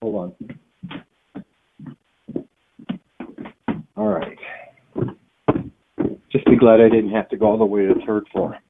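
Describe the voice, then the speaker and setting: A man's voice: fairly low pitch, little pitch movement, slow, pauses often, background noise. A man on the phone, answering patiently and plainly, often hesitating with fillers. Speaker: call recipient. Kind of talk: phone conversation. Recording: tinny phone line.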